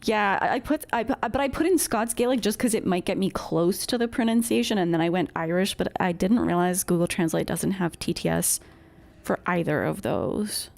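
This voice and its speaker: A woman's voice: mid-range voice, moderate pace, creaky, darkish tone. A woman streaming a video game, talking casually to chat in a chatty, self-deprecating way, laughing often. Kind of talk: casual gameplay commentary.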